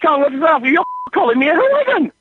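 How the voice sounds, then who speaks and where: A man, the target of a prank phone call, talking in an indignant, excitable way and swearing now and then. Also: very high-pitched, racing, dry recording. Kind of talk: phone conversation. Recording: tinny phone line.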